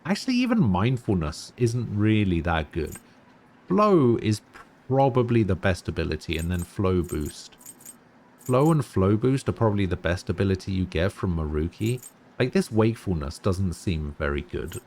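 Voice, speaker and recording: A man's voice: deep voice, very animated, moderate pace, a little mellow. A man streaming a game, chatting in a rambling, casual way while yawning and tired. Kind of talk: casual gameplay commentary.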